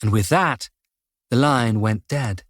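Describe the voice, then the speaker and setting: A man narrating a crime thriller audiobook in a measured, steady way. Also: medium pitch, no room sound, clean studio sound. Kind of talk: scripted narration.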